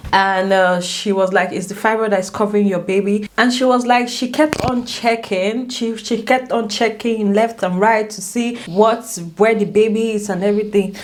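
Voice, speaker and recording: Woman telling a personal story, emotional. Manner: emotional, animated, with many restarts and swings in pitch. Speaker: vlogger. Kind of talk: casual storytelling to camera.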